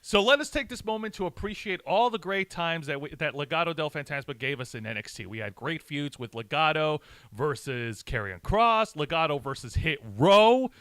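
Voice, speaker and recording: A man's voice: a little high, expressive, normal speed, hardly any pauses, a bit bright, no room sound. A man co-hosting a live wrestling review show, talking bluntly and swearing in casual sarcastic chat. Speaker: podcast co-host.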